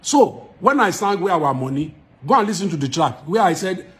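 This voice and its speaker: A man's voice: high-pitched, big pitch swings, normal speed, fairly bright tone. A man with a Nigerian accent, a musician speaking straight to his followers in an emphatic, argumentative way, repeating points for force. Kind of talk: direct-to-camera address to followers.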